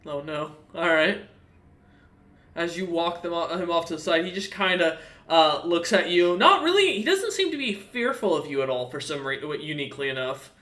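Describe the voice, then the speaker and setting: A man's voice: a little high, big pitch swings, normal speed, bright, forceful tone. A man running a tabletop game as dungeon master, narrating casually with lots of laughs and fillers.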